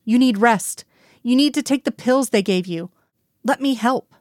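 A woman voices a composed female FBI agent who stays even and quietly certain under pressure. The recording is close and dry, with no room sound. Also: on the high side, a little slow, no echo, pitched above the performer's own voice, lightly acted. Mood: controlled.

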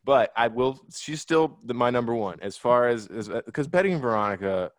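A man's voice: mid-range voice, lively intonation, brisk, no echo. A young man co-hosting a podcast in casual, blunt banter with plenty of swearing. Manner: blunt, swearing, laid-back. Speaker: podcast co-host.

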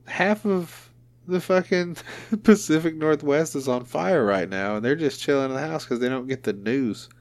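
A man's voice: a little high, normal speed, darkish tone. A man hosting a podcast in casual chat, joking around and swearing freely. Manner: profane, joking banter. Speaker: podcast host.

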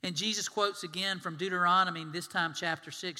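A man preaching a sermon, animated and storytelling, acting out the scenes he describes. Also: high voice, quick pace, hardly any pauses. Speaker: pastor. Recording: long hall reverb.

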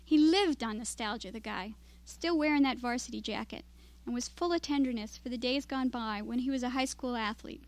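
A woman with a high, light voice reads her own first-person story aloud at a writers' evening. Her delivery is steady and measured, carrying the narration evenly. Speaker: writer reading her work. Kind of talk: reading fiction aloud. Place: literary reading event.

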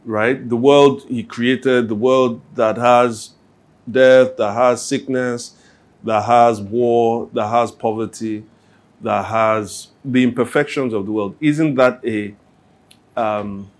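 A man's voice: mid-range voice, steady tone, takes it slowly. A man answering questions at a church Q&A, talking conversationally and acting out everyday scenes. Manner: conversational, acts out everyday scenes with little quoted voices. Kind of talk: Q&A talk.

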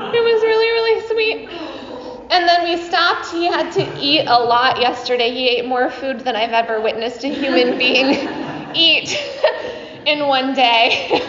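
A middle-aged woman, a yoga teacher, giving a chatty dharma talk to her class, laughing often and using many fillers. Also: on the high side. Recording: dull echoey hall recording.

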